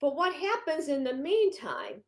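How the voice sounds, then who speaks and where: Chatty high-voiced woman vlogger. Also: huge pitch swings, measured pace. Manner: rambling, chatty, frequent restarts. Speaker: home organizing consultant. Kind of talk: casual vlog talk.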